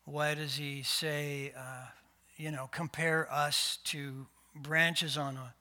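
Middle-aged male pastor from Canada, slow relaxed sermon, pitch a bit high, bright. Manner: slow, conversational preaching with fillers and rhetorical questions.

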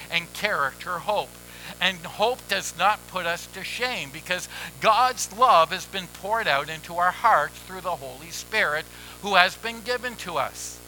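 A man preaching a sermon as pastor, measured and emphatic with deliberate pauses. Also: fairly high pitch, pushed and bright, rough recording.

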